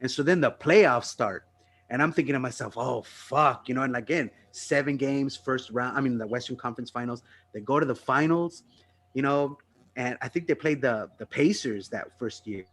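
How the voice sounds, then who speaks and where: A man's voice: mid-range voice, normal speed. A man telling a personal anecdote in casual, profane chat as a podcast host. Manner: excitable, profane anecdote teller.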